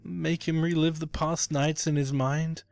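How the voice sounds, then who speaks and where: Guy doing a freaked-out stammering young dude in a creepypasta, voice pushed way up high. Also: flat delivery, unhurried, gravelly, darkish tone, faint music behind. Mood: pleading. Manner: stammering, pleading. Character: young man, frightened and unhinged friend. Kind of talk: creepypasta narration.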